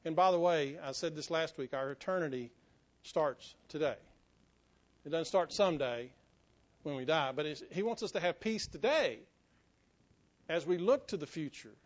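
A man's voice: fairly high pitch, lively intonation, moderate pace, pauses often. Pastor guy preaching, folksy, cracks jokes at himself, kinda muffled lo-fi sound. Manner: folksy, self-joking, drops to a hushed tone for stories. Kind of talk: sermon. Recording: muffled lo-fi sermon recording.

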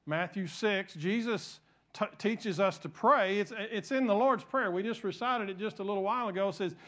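A middle-aged pastor with a notably high voice delivers a sermon in church. He tells a folksy, rambling story, restarting his sentences and talking straight to the congregation. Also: moderate pace, bright, forceful tone.

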